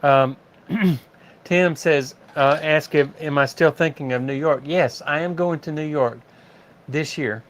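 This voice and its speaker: A man's voice: a little high, a little slow. An older man from the rural United States, hosting a casual livestream chat and reading viewer comments aloud with easy laughs. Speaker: livestream host.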